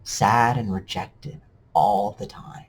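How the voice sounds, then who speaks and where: A man's voice: on the low side, fairly even intonation, takes it slowly, a little hiss or hum. A man ranting bitterly and sarcastically to camera in a vlog. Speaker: vlogger. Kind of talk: emotional rant to camera.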